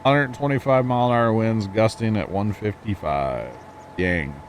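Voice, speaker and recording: Casual male streamer, lowish voice, easygoing explainer who talks to chat. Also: unhurried, a little hiss or hum. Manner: chatty, reads chat aloud, explains farming gear. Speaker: livestream host. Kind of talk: casual gameplay commentary.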